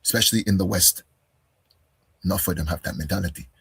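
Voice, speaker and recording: A man's voice: low voice, fast talker, vocal fry, a bit bright, husky. A man giving an argumentative reaction commentary, firing rhetorical questions and talking straight at the person he answers. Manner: combative, fires rhetorical questions, calls listener "bro". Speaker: commentator responding to a video.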